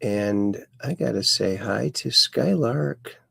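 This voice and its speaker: Older male host, unhurried and gravelly, folksy chat-reading on a livestream, dry close mic. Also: mid-range voice, lively intonation, pushed and bright, no room sound. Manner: slow, folksy, playful sing-song announcing of viewers. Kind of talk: casual livestream chat, reading chat messages aloud.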